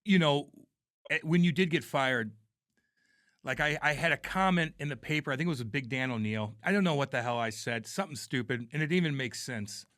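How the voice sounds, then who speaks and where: A man's voice: medium pitch, a little fast, a bit bright, dry recording, clean studio sound. A podcast co-host and former hockey player, a man chatting bluntly and jokingly, swearing freely. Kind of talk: casual chat.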